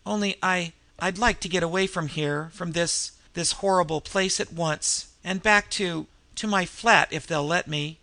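A man voicing a shaken young woman who speaks haltingly with stammered restarts. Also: high-pitched, gravelly, bright, forceful tone, no echo, full character voice.

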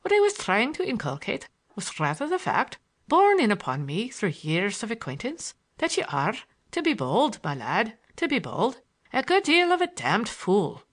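A woman's voice: medium pitch, huge pitch swings, normal speed. A woman voicing a bantering Irish man with rolling, trilled R's, teasing and mock-scolding in an audiobook.

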